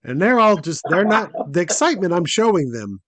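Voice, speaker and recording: A man's voice: high voice, big pitch swings, fairly quick, fairly bright tone, dry recording. A man hosting a podcast, telling a long story in casual, profane chat and acting out the quotes in a raised voice. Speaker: podcast host.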